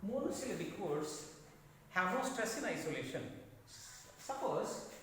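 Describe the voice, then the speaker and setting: A man teaching a classroom lecture, speaking slowly, repeating his phrases, with frequent hesitations. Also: sits high, sing-song, noisy background. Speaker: English teacher. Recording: echoey classroom, mic far off.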